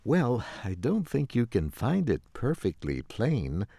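Brief: unhelpful shop saleswoman, read by a man, raised pitch, slow and dry studio sound. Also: wildly swooping pitch, gravelly, mellow, no echo, exaggerated voice. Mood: politely unhelpful. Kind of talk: scripted story reading.

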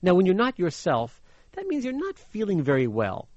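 A man's voice: high-pitched, normal speed, no echo. A playful man from Los Angeles who tells a fairy tale and explains idioms as a slang teacher, with a slightly muffled radio sound. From Los Angeles, USA. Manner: playful, animated, laughs easily. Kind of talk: storytelling lesson explaining idioms.

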